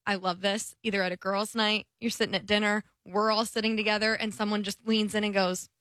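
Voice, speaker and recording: A young woman co-hosting a casual chat show, chatty and lively, acting out the voices of people she quotes. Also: mid-range voice, a little fast, no room sound, studio quality. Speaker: podcast co-host.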